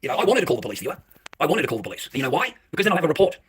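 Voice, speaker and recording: A man's voice: fairly high pitch, very animated, very fast, a little hiss or hum. A man ranting straight to camera in an agitated, heated way, swearing and speaking to the viewer. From Australia. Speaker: vlogger. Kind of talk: direct-to-camera rant.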